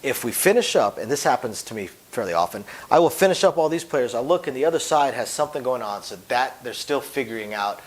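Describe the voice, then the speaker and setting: A man who deals craps, giving an emphatic instructional talk whose phrases often fade to a quiet drop at the end. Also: medium pitch, animated, quick pace, hardly any pauses, low-quality recording. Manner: emphatic, voice drops off at phrase ends.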